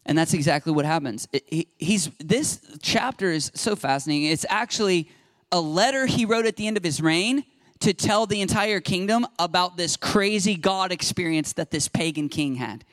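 A man preaches a sermon in a casual, storytelling way, tossing chatty asides to his congregation. His voice sits a little high for a man. The sound is dry and close. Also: lively intonation, moderate pace, fairly bright tone, dry recording. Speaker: pastor. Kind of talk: conversational sermon.

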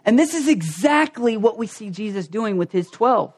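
A pastor preaching a conversational sermon in a folksy, animated way, acting out little scenes. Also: mid-range voice, moderate pace, slightly rough.

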